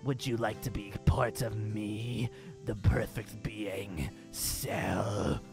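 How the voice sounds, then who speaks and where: A man voicing a sinister male bio-android villain from an anime, speaking in a slow, menacing drawl much lower than his own voice. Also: steady tone, gravelly, faint music behind.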